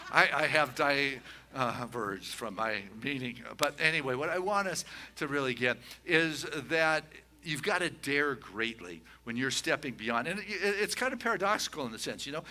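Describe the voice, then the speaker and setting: A man giving a conversational sermon as a minister, telling a story in a folksy way with many "you know" asides and slowing down on his key points. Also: on the high side, lively intonation, bright, forceful tone. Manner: slows and rises on key points.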